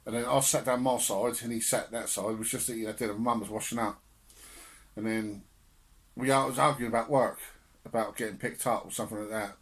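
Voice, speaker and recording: A man's voice: lowish voice, steady tone, a little fast. A young man on a podcast telling family stories with laughter and swearing in casual chat. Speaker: podcast co-host.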